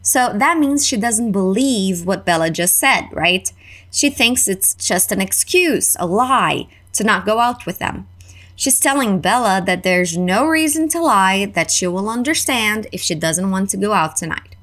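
A woman with a Canadian accent teaching an English lesson and repeating phrases slowly for learners. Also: mid-range voice, lively intonation, fairly bright tone. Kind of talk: slow, clear language lesson.

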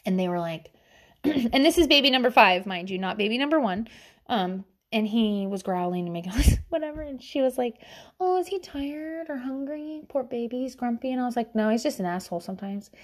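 Blunt, profane woman talking about parenting. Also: fairly high pitch. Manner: blunt, profane, animated quoting. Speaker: parent giving advice. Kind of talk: casual monologue.

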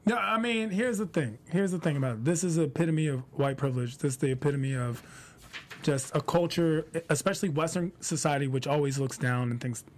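A man's voice: on the high side, brisk, slight background noise. A man co-hosting a casual opinion chat, speaking emphatically and repeating points for stress. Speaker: podcast co-host.

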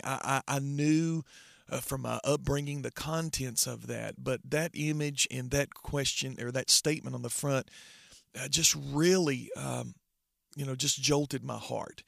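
Gravelly middle-aged pastor, earnest. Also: male voice, mid-range voice, fairly bright tone, no room sound, clean studio sound. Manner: earnest, halting with many restarts. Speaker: pastor, interview guest. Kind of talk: personal testimony in conversation.

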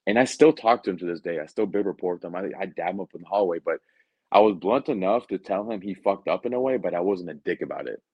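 A young man spins a casual recruiting story, slangy and blunt, full of fillers. His voice sits low. The recording is muffled and dry. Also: fast talker, breathy edge, no echo. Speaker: Marine recruiter. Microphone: podcast mic.

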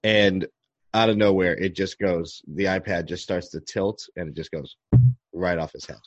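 Very deep-voiced, laid-back dad host. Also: male voice, steady tone, normal speed, no echo, lo-fi sound. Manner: laid-back, rambling, chuckling. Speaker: podcast host. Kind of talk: casual chat.

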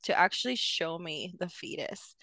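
A woman's voice: lowish voice, expressive, normal speed, pushed and bright, dry recording. A young woman, a podcast guest, telling a personal story in a hesitant way with many fillers and restarts. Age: young adult.

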